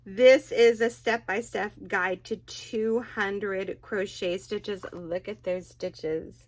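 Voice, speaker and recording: A woman crochet vlogger chatting excitedly as she unboxes birthday gifts, gushing and exclaiming often. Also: medium pitch, slow pace, no room sound.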